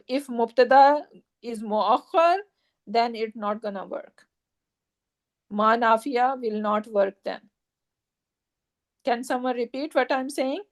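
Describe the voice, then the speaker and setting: Slow-speaking woman teaching a class. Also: a little high. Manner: patient, repeats points and checks understanding. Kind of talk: classroom grammar lesson.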